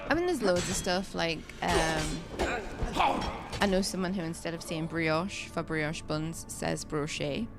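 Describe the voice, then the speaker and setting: Woman, gravelly voice, casual gaming chat, rambling anecdotes, music playing behind. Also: low voice, unhurried. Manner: chatty storytelling with fillers and restarts. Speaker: streamer playing a modded survival game. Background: game music.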